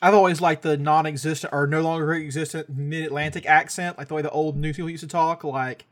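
A man hosting a casual comedy podcast, talking in an animated, exaggerated way. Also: fairly high pitch, quick pace. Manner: animated, reads quotes aloud with exaggerated delivery.

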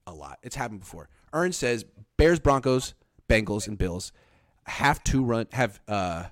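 A man's voice: medium pitch, big pitch swings, a little slow, dry recording, clean studio sound. A man hosting a casual sports talk show, blunt and sarcastic, reading viewer comments aloud. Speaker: podcast host.

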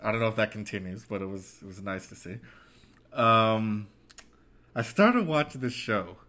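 A man's voice: fairly low pitch, animated, normal speed, sharp tone. A man in casual chat as a podcast co-host, rambling and chatty. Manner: rambling, chatty, does mocking quoted voices.

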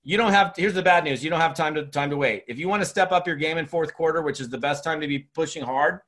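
A middle-aged man, a speaker and trainer, giving an energetic, rambling motivational talk with many restarts. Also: a little high, fast talker. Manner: energetic, rambling, repeats himself.

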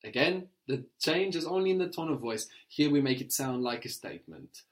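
A man teaching a guided language lesson, asking prompting questions and slowing down to model phrases. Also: a little high, animated.

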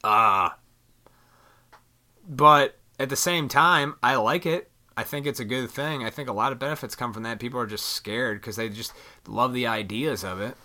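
A man rambling in a casual venting monologue to his viewers, swearing freely and animated. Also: medium pitch, moderate pace. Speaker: vlogger.

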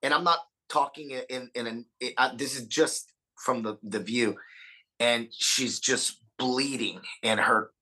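Earnest bright-voiced man, stammering. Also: medium pitch, steady tone, measured pace, husky, poor audio. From Austin, Texas. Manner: earnest, stammers and repeats words, swears freely. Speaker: podcast guest, punk singer. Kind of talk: casual podcast conversation.

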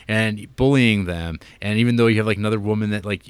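A man's voice: lowish voice, quick pace, smooth, no room sound. A man co-hosting a casual film chat, talking hesitantly with many fillers and giggles. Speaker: podcast co-host reviewing films.

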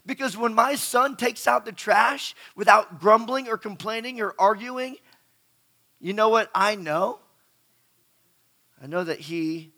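A man's voice: high voice, unhurried, pushed and bright. A middle-aged man preaching a sermon, chatty and asking the audience questions, often repeating words as he goes. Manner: conversational, asks the crowd questions, repeats words.

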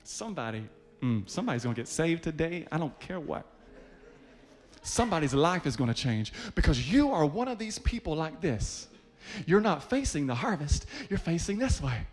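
A man preaching a sermon to a congregation, leading them by name and building to loud, rhythmic climaxes. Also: on the high side, sing-song, normal speed. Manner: leads the congregation, calling people up by name.

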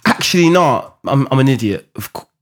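Animated, laughing man. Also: medium pitch, a little fast. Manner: lively storytelling, laughs often. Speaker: podcast co-host. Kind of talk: casual chat.

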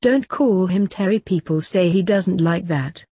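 A woman's voice: lowish voice, measured pace, mellow, breathy edge, dry recording. A woman voicing an outspoken young noblewoman in a storybook reading.

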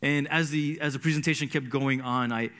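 A man from New Jersey telling a personal faith story in an earnest, halting way, often restarting his sentences. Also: medium pitch, steady tone, a bit bright.

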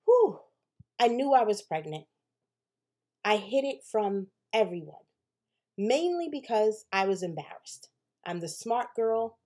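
A woman's voice: mid-range voice, darkish tone. A woman hosting a podcast, telling a personal story in a candid, conversational way, swearing casually and often asking "right?". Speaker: podcast host.

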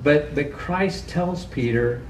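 A man preaches from a pulpit, heard from some distance in a reverberant church. His voice sits a little high and jumps sharply upward when he presses a question. Faint room ambience lies underneath. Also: slow pace, slight background noise. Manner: earnest preaching, rising to high emphatic questions, acts out quotes. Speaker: pastor. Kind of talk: sermon. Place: church sanctuary.

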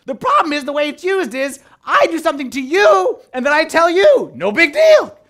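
Animated high-voiced priest preaching. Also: male voice, fairly quick. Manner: animated, acts out quoted voices, swings from loud to hushed. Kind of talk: sermon.

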